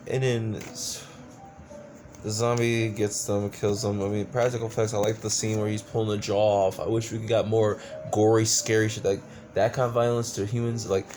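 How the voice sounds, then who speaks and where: A man's voice: on the low side, level tone, normal speed, darkish tone, faint music behind. A man reviewing a movie in a casual rant, exasperated and profane, rambling with lots of restarts. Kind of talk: casual ranting film review.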